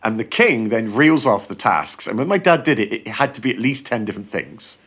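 A man telling long, rambling jokes on a podcast, switching into little voices for each character. His pitch rises and falls a lot as he tells them. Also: a little fast, breathy edge. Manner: animated storyteller acting out joke characters. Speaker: podcast guest. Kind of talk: casual chat.

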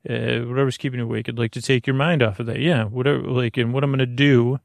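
A man's voice: medium pitch, level tone, fast, vocal fry, no room sound, clean studio sound. A man hosting a bedtime podcast, talking in a meandering way that keeps stopping itself and drifting into goofy tangents. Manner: meandering, self-interrupting, goofy digressions. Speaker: podcast host. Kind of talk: rambling bedtime podcast monologue.

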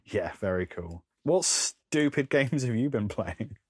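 A man with a very low voice chats loosely on a podcast, filling gaps with ums and little laughs. He is recorded close on a microphone in a dry, dead room. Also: lively intonation, measured pace, darkish tone, slightly rough, dry recording. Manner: rambling, lists things with frequent ums and laughs. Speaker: podcast co-host. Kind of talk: casual chat.

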